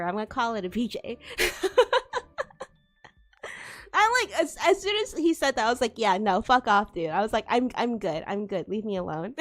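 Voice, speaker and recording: High-voiced young woman telling stories. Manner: animated storytelling with frequent laughter and swearing. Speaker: VTuber streamer. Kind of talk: casual chat.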